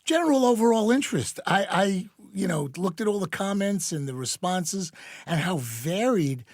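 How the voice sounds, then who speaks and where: A man's voice: high-pitched, lively intonation, moderate pace, darkish tone, dry recording, studio quality. A man in his sixties, guest on his daughter's podcast, chatting in a blunt, wry and ranting way with some swearing. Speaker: guest, the host's father. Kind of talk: casual podcast chat.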